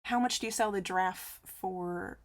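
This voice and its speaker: A woman's voice: medium pitch, normal speed. A woman chatting casually on a live crochet stream, reading out viewer messages and answering them with frequent laughs. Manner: chatty, reads chat aloud and answers, laughs often.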